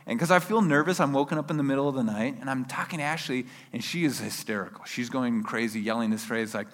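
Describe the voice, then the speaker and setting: A man preaching a sermon, telling a personal story in an animated way and acting out his own shouts. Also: medium pitch, quick pace, long reverb tail.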